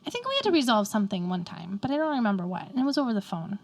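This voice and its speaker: A woman's voice: medium pitch, big pitch swings, rapid-fire. A woman co-hosting a podcast, chatting casually and candidly with friends, often laughing at herself. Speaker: podcast co-host. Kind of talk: casual chat among friends.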